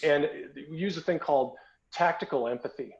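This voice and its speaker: A man's voice: on the high side, fairly quick. A man hosting a podcast, telling a story in a casual, conversational way with frequent restarts and repeated words. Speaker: podcast host. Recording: dull lo-fi podcast audio.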